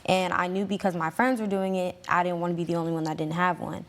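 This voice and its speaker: A woman's voice: on the low side, flat delivery, fast talker. A teenage girl testifying on a court show, hesitant and full of fillers as she tells her side. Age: late teens. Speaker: litigant's daughter.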